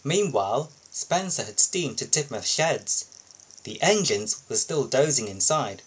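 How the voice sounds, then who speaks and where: A man reads a children's storybook aloud, expressive and sing-song. His pitch swings widely. His voice has a husky, breathy texture. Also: a little slow, poor audio. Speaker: storybook reader.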